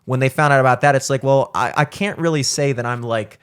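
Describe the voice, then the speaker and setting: A man's voice: medium pitch, fast, smooth. A young man hosting a podcast, rambling in casual chat with many filler words and frequent swearing. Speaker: podcast host.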